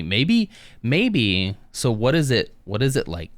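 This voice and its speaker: A man's voice: on the low side, sing-song, moderate pace, fairly bright tone, no echo, studio quality. A man streaming live, chatting casually with viewers in a rambling, easygoing way with lots of fillers.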